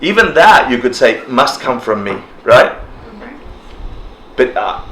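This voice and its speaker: A man teaching a relaxed class, talking casually, laughing often and acting out people's reactions. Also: medium pitch, slow. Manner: animated, laughs often, acts out quoted reactions. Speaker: dharma teacher. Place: indoor class room. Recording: roomy echo, faint ambient noise.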